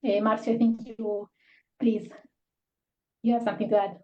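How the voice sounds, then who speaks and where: A woman's voice: medium pitch, level tone, normal speed, dark tone. A woman hosting an online workshop, talking casually and rambling through filler words over a video call. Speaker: workshop host. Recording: roomy, dull lo-fi call audio.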